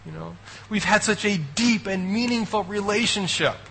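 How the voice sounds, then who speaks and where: A man's voice: sits high, normal speed, creaky, pushed and bright, big-room sound, a little hiss or hum, voice pushed up, heavily acted, rough recording. A man putting on the voice of a self-pitying older father-in-law, whiny and overly sincere, in a mocking tone. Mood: wounded, mocking.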